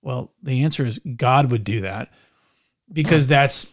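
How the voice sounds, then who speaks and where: A man's voice: mid-range voice, a little slow. A middle-aged man from North Carolina, co-hosting a podcast in a rambling, casual way, full of fillers and restarts. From North Carolina, USA. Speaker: podcast co-host. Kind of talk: casual chat.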